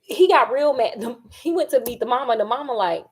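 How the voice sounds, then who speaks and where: A woman vlogging while she cooks, chatting casually in an animated, sassy way and acting out quotes. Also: on the high side, quick pace. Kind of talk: casual chat while cooking.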